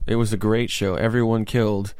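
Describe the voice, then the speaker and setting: A man, a comedian and podcast co-host, telling a story in casual chat, animated and acting out quotes. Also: on the low side, a little fast, smooth, no echo, studio quality. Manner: animated, acts out quotes, laughs often.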